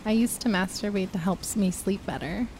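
A woman co-hosting a casual talk show, chatty and quick to giggle. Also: mid-range voice, noisy background. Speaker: co-host. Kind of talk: casual chat.

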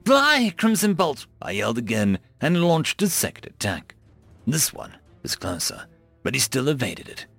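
A man's voice: medium pitch, sing-song, moderate pace, creaky, husky, faint music behind. A man narrating an audiobook, telling the story steadily and voicing each character.

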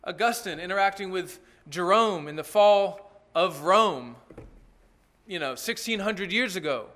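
A man's voice: high voice, lively intonation, a little slow, a bit bright. A man preaching an earnest, emphatic sermon as pastor, with asides to the congregation.

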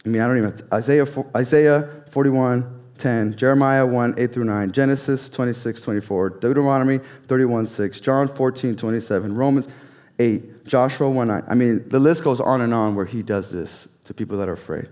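Guy preaching a sermon, earnest, repeats himself for emphasis, goes quiet and hushed at times. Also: mid-range voice, moderate pace. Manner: earnest, repeats key phrases, drops to a near whisper on quoted promises. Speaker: pastor.

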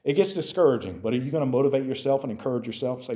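A man preaching a sermon to a youth group, animated, swinging from quiet talk to shouting and speaking straight to his listeners. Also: mid-range voice, rapid-fire.

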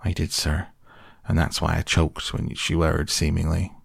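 A man's voice: extremely low pitch, flat delivery, a little slow, vocal fry, slightly rough, no echo, clean studio sound, full character voice. A man voicing a nervous, humble young hobbit gardener with rustic, stammering speech, full of "sir", in an audiobook. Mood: earnest. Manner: anxious and pleading, full of "sir". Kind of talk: audiobook character voice.

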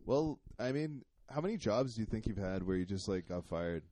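A man's voice: on the low side, animated, moderate pace, mellow, a little hiss or hum. A young man who does comedy, co-hosting a podcast in laid-back, self-deprecating chat with frequent laughs.

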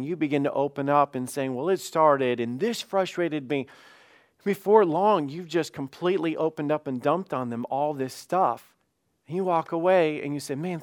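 A man's voice: on the high side, no echo, clean studio sound. A man preaching as lead pastor, talking conversationally and acting out honest prayers and everyday dialogue with rising emphasis. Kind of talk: sermon.

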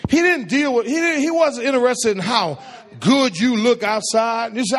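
High-pitched animated preacher man. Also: normal speed, in a large hall. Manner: call-and-response preaching, asks the congregation questions. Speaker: pastor. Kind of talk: sermon.

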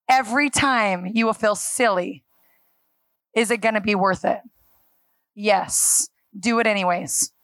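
Woman preaching in church, kinda high voice, acts out the dialogue, dry sound. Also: dry recording. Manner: animated storytelling, acting out dialogue and laughing. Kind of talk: sermon with a live congregation.

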